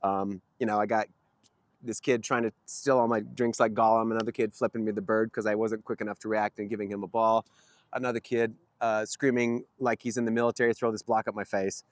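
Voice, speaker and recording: A man's voice: lowish voice, level tone, a little fast, no echo. A man vlogging outdoors near a street, telling a story casually in a rambling way with frequent chuckles. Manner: rambling, chuckling, with many fillers.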